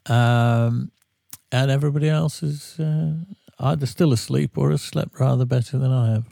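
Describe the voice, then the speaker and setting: Weary singer, gravelly and close-miked, rambling and self-mocking. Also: male voice, mid-range voice, steady tone, moderate pace, mellow, no room sound. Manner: rambling, self-deprecating storyteller. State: tired from a sleepless night. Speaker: singer, regular guest. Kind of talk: casual podcast chat.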